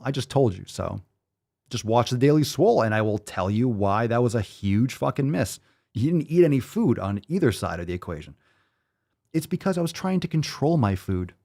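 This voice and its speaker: A man's voice: medium pitch, darkish tone. A man hosting a podcast, ranting with blunt, profane, sarcastic commentary and mocking asides. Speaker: podcast host.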